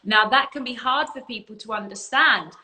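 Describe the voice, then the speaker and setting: Bright-voiced woman coach, livestream spiritual talk, earnest and emphatic, swears a bit, phone mic. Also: fairly high pitch, normal speed, low-quality recording. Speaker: spiritual coach and community leader.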